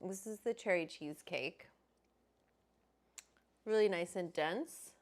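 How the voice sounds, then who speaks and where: Slow-talking woman hosting a livestream. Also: lowish voice. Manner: chatty and rambling, greets viewers by name. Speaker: host. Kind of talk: casual livestream chat.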